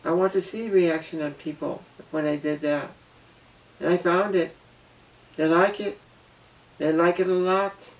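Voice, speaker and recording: Earnest and emotional, a vlogger works through a personal monologue in a gravelly, fairly high voice, circling and repeating himself. His tone is steady, his pace measured, with frequent pauses. He sits a bit away from the mic, so the voice comes across distant.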